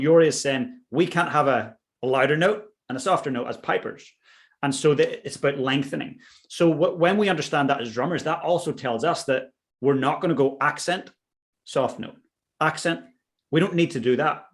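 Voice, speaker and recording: A man teaching pipe band drumming in conversation, enthusiastic and affirming. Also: medium pitch. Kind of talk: instructional conversation.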